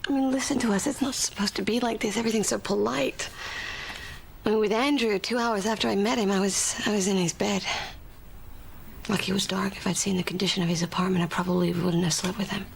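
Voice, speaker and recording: An actress plays an impulsive woman in therapy, speaking candidly in a gravelly, rough-edged voice. She rambles and corrects herself mid-thought, like a scene from a TV drama. Her voice sits in an ordinary middle pitch, with a faint hiss behind it. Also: fairly even intonation, quick pace, close to an everyday voice, low-quality recording. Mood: confessional. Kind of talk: television drama acting.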